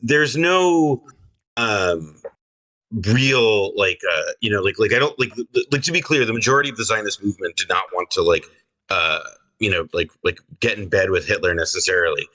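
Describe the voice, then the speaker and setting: Male guest, lower voice with a bright edge, halting delivery, set back from the mic. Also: expressive, recorded from a distance, rough recording. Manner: hesitant, full of fillers. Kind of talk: conversational commentary.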